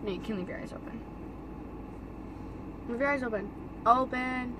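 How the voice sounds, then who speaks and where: A teenage girl doing her mother's makeup in a car, bossy and teasing, with sudden loud outbursts and giggles. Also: a little high, normal speed, noisy background. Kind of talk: casual playful banter.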